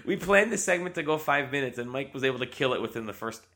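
A man's voice: mid-range voice, animated, quick pace, sharp tone. A man hosting a casual podcast, laughing often and rambling through restarts. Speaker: podcast host.

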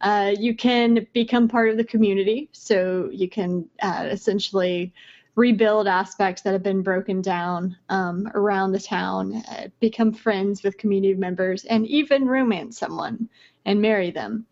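A woman's voice: mid-range voice, fairly even intonation, moderate pace, darkish tone. A woman co-hosting a podcast, chatting casually about video games, laughing often between many ums and uhs. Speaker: podcast co-host. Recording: dull lo-fi sound.

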